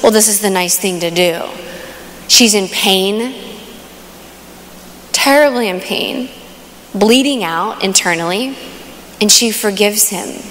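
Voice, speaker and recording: A woman's voice: on the high side, a bit bright. A woman giving an inspirational faith talk at a conference, telling a story in a casual way full of fillers. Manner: casual, lots of fillers like "kind of". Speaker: conference speaker. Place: large conference hall. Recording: long reverb of a big hall.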